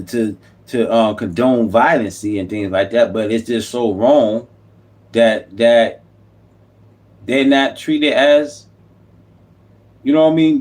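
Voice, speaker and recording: Male YouTube commentator, passionate sermon-like rant, average pitch. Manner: impassioned, repetitive, preachy. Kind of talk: unscripted political monologue.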